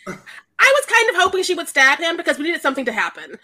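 A woman with a high, bright voice talks through a movie in a loose podcast chat. She laughs often and breaks into little acted-out quotes, lively and a bit exasperated. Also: fast. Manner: animated, laughing, acts out quotes. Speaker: podcast co-host. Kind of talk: casual chat.

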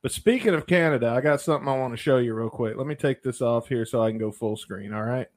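A man hosting a casual chat, laid-back and quick to laugh. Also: mid-range voice. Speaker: podcast host.

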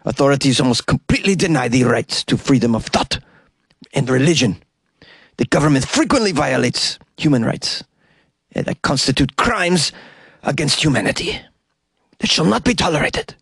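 A man doing a slow, breathy celebrity impression while reading out a quote. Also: medium pitch, lively intonation, a bit bright, dry recording, heavily acted. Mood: mock-sultry. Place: small closet.

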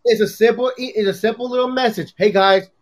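Man, high voice, casual podcast banter, acts out quotes. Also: fast talker. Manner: animated, acts out quotes in a mocking voice. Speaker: podcast co-host.

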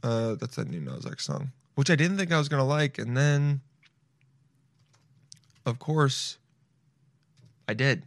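A man's voice: mid-range voice, big pitch swings, unhurried, pauses often, dry recording. A young man streaming and reacting to videos in loose, swearing, self-mocking casual talk.

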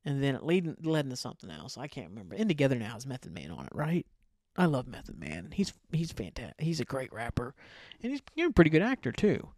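A man's voice: medium pitch, wildly swooping pitch, fast talker, darkish tone, no echo, clean studio sound. A man hosting a casual solo podcast, rambling loosely, swearing offhand and often trailing off. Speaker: podcast host.

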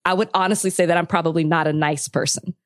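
A woman's voice: fairly low pitch, steady tone, fast talker. A woman co-hosting a podcast in casual chat, blunt and emphatic, laughing often. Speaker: podcast co-host.

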